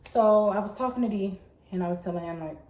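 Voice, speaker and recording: A young woman, telling a story in a chatty, animated way. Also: mid-range voice, quick pace. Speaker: vlogger. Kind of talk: casual storytime. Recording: echoey room.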